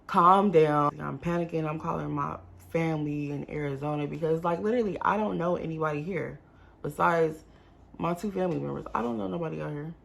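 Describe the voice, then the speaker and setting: A young woman tells a storytime vlog in a casual, animated way and talks straight to her viewers. Her voice sits fairly low and has a gravelly edge of fry. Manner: animated, addresses viewers as y'all. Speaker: vlogger.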